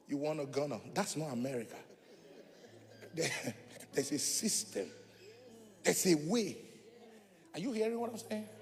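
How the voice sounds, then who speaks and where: Man, pastor, fervent call-and-response preacher, high voice, echoey hall with faint music behind. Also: a little mellow. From Africa. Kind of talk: sermon. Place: church sanctuary.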